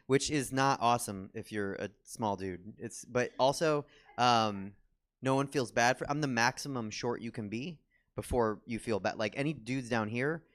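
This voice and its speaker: A young man performs stand-up on a theater stage, his medium-pitched voice a bit bright. His set rambles and pokes fun at himself, full of ums and restarts.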